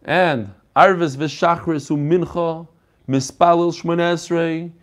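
Over a video call, a man teaches an online Talmud class, animated and quizzing his students. His voice is a little high and he takes it slowly. The audio comes through a computer mic.

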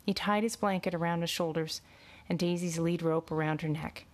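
A woman narrating a novel aloud in a measured, expressive reading. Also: on the low side. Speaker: audiobook narrator. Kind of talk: storybook narration.

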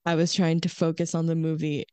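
A woman co-hosting a podcast in casual chat, animated and acting out quoted lines. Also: sits low, a little fast, clear, resonant tone, no room sound. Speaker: podcast co-host.

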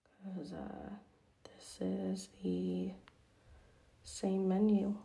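A woman softly retelling a cartoon episode as whispered role-play. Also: medium pitch, completely flat delivery, drawn-out words, gravelly, low-quality recording. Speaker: storyteller.

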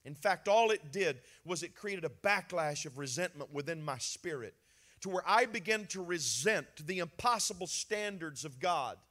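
A middle-aged male pastor preaching a sermon, swinging between soft, confiding talk and emotional outbursts. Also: a little high, lively intonation, moderate pace.

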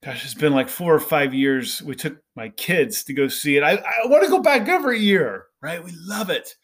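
A man's voice: fairly high pitch, lively intonation, normal speed, fairly bright tone. A middle-aged man hosting a podcast, speaking earnestly to fundraisers in a preachy monologue that keeps checking in with "right?". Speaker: podcast host.

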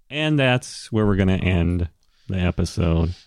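Slow, deep-voiced man running a tabletop game. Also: dry recording, clean studio sound. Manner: relaxed, rambling with fillers and laughs. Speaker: game master.

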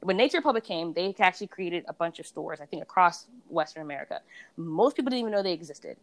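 A woman's voice: fairly low pitch, expressive, quick pace. A woman in a casual conversation about beauty brands, a reviewer and blogger who tells her stories with animation and acts out other people's voices.

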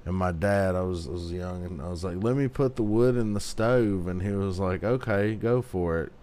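A man's voice: sits low, moderate pace, mellow. A man in casual podcast chat, laid-back, giving short agreeing replies and swearing casually. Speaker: podcast co-host.

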